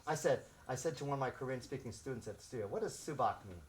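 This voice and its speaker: Animated older man telling martial arts stories. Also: mid-range voice, fast, a little hiss or hum. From South Central Los Angeles. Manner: animated, acts out shouts and quotes, laughs often. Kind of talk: storytelling to students.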